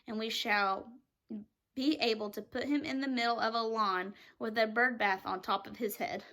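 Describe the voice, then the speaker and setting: A woman's voice: fairly high pitch, steady tone, moderate pace, sharp tone. A woman voicing a gloomy, pessimistic male earthworm in a read-aloud storybook, with a mournful, doom-laden manner.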